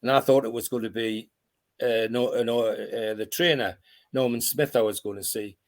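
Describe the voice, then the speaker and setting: A man's voice: mid-range voice, fairly even intonation, normal speed. A man, a former footballer who reminisces in a rambling way, with restarts and chuckles, over a video call. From Tyneside, North East England. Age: 80s. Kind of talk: casual reminiscing interview.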